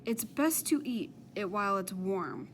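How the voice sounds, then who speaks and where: A woman's voice: mid-range voice, animated, unhurried, a little hiss or hum, natural voice. A woman voicing a chatty, sing-song school lunch lady. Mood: sweetly pushy.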